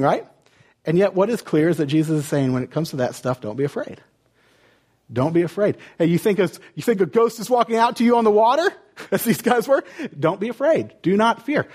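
A man preaching a sermon as a pastor, retelling the story with lively rhetorical questions. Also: fairly high pitch, breathy edge.

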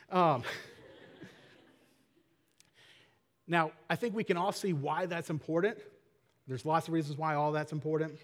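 A man preaching a casual, conversational sermon, asking rhetorical questions with small laughs. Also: fairly high pitch. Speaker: pastor. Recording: long hall reverb.

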